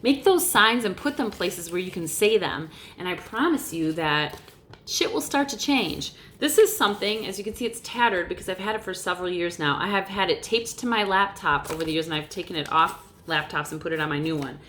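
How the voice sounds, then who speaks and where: A woman's voice: lowish voice, a little fast, slight background noise. Emphatic middle-aged woman giving a pep talk. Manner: animated, emphatic, swears casually. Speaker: motivational vlogger. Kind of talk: casual motivational talk to camera. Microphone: camera mic, looking off-lens.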